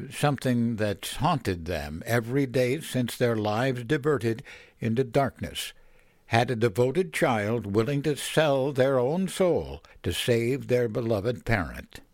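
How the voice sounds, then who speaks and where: A man narrating a scripted horror story in a slow, measured way. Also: mid-range voice, no echo, studio quality.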